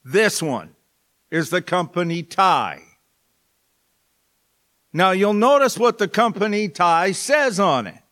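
A man's voice: sits high, sing-song, slow, pauses often, pushed and bright. A male pastor preaching a sermon in church, with joking, folksy asides to the congregation.

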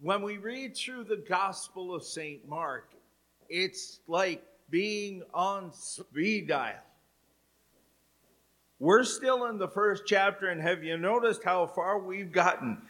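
A middle-aged man preaching a sermon in church, telling stories with dramatic pauses. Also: high voice, a bit bright. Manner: slow, storytelling delivery with dramatic pauses. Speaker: pastor. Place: church sanctuary.

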